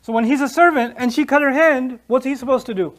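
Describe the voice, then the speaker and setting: Fast, animated male Quran lecturer. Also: very high voice. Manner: animated storyteller, acts out scenes, laughs. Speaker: Islamic lecturer. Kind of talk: Quran lecture with retold scenes.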